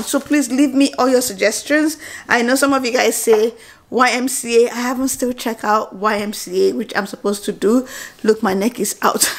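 A woman in her thirties chatting excitedly to her phone camera at home in a casual vlog, stopping and restarting her sentences. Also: a little high. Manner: chatty, excitable, self-interrupting. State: out of breath. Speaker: vlogger.

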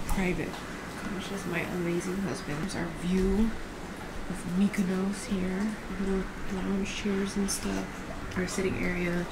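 A woman's voice: medium pitch, very noisy. A woman in her thirties vlogging casually, gushing and emotional as she talks straight to her viewers. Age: 30s. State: teary. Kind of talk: casual travel vlog chat. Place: hotel room and terrace.

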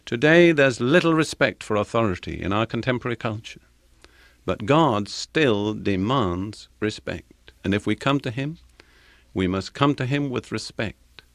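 Older British man teaching scripture, measured. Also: lowish voice, expressive, no echo. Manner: slow, measured delivery with deliberate pauses; reads scripture with solemn emphasis. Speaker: Bible teacher. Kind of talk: sermon.

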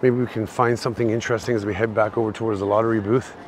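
A man's voice: lowish voice, level tone, rapid-fire, a little hiss or hum. A man from Canada with a Canadian accent, a bit tipsy, rambling to viewers as he hosts a live-streamed walking tour outdoors. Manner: rambling, chatty, talks to chat viewers while walking. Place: outdoor city shopping street.

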